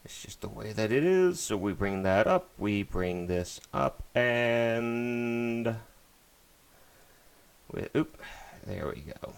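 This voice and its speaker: A man streaming a retro game, chatting casually in a flat, monotone way. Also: lowish voice, slow pace, gravelly, smooth. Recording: game music loud behind the voice. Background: game music.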